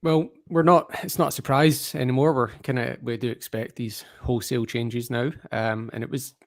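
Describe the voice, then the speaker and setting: Australian male fan panelist, mid-pitched, keen, chatty, dry close mic. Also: fairly even intonation, moderate pace, dry recording. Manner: enthusiastic, rambling, self-correcting. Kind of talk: casual fan podcast chat. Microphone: video call.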